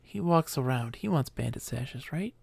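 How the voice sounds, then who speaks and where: A man's voice: mid-range voice, animated, normal speed, vocal fry, a little mellow, husky. A man streaming a game live, rambling enthusiastically and laughing often between thoughts.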